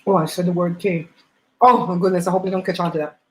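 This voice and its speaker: A woman hosting a livestream, chatting and telling stories in an animated way while eating at home on a laptop mic. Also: lowish voice, quick pace, echoey room, noisy background. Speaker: host.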